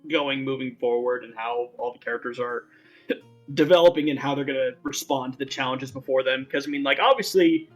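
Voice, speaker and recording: A man's voice: mid-range voice, a little fast, faint music behind, low-quality recording. A man hosting a casual talk show, chatting loosely with lots of filler words. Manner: rambling, full of "like" fillers. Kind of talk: casual chat.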